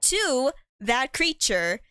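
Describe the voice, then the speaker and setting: A woman's voice: high-pitched, sing-song, extremely slow, pushed and bright, clear, resonant tone, dry recording, clean studio sound. A woman streamer chatting casually while playing a game, rambling and giggly, with lots of fillers.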